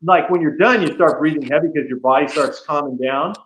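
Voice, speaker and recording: A man's voice: on the high side, fairly quick, fairly bright tone. A man talking as a podcast guest, telling stories casually with lots of "you know" and "man.". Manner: chatty storyteller, frequent "you know" and "man". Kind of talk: casual chat. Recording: echoey room.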